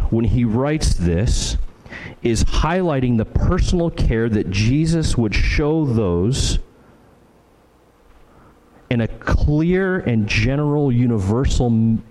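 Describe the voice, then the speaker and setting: Male pastor, unhurried sermon delivery, warm mellow tone, earnest repetition for emphasis. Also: medium pitch, expressive, poor audio. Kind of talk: expository sermon.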